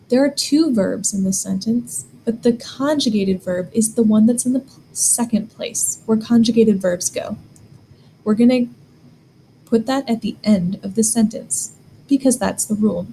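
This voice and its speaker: A woman's voice: medium pitch, warm tone, slight background noise, poor audio. A woman teaching a German grammar lesson, explaining step by step and asking the learner questions.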